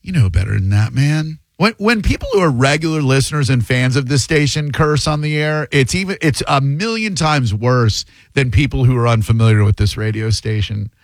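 A man's voice: medium pitch, normal speed, hardly any pauses, no echo. A man hosting a radio call-in show, giving blunt opinions and joking with callers into a studio microphone. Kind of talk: talk radio commentary.

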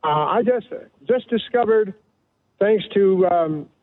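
A man's voice: high-pitched, slow. A man in his seventies calling in to a radio show, hesitant and fumbling for words. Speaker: caller. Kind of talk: phone-in call. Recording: faint distant phone line.

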